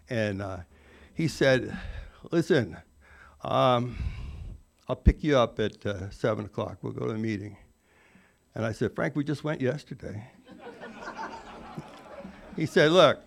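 A man's voice: mid-range voice, creaky. Rambling man telling his recovery story. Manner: rambling, self-mocking, repeats "you know". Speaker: recovery speaker.

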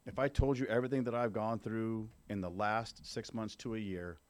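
At a recovery meeting, a fifty-something man offers a frank personal testimony to the group. He talks at a normal speed in a fairly low voice with fairly even intonation, keeping it conversational and checking in with his audience.

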